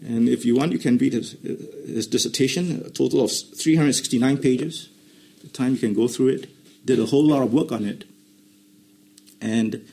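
A man preaching a sermon, emphatically repeating key phrases, explaining Greek grammar in a teaching tone, and dropping into quiet asides. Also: mid-range voice.

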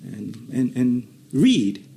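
Emphatic preacher, lively pitch. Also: male voice, extremely slow, gravelly. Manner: emphatic, repeats key phrases, drops into quiet asides; explains Greek grammar in a teaching tone. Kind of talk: sermon.

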